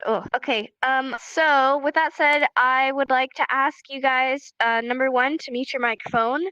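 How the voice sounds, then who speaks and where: A fairly high-voiced woman sounding stuffed up from allergies, patiently calling out names and giving casual instructions to a live virtual class. The recording is dry and muffled, with a dull lo-fi sound. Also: fairly even intonation, moderate pace, bright, forceful tone, smooth, dry recording. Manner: friendly, patient, calls out names one by one.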